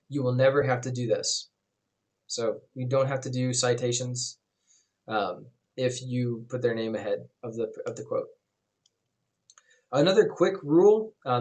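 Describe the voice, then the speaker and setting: Man, teacher, recorded class lecture, casual and chatty, filler words, mid-pitched voice. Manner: relaxed, conversational, many fillers.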